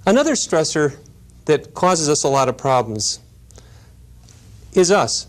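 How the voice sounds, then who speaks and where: A man lecturing in a measured, explanatory way, with storytelling asides. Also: fairly high pitch, sing-song. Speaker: lecturer on grief and helping work. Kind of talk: recorded teaching lecture.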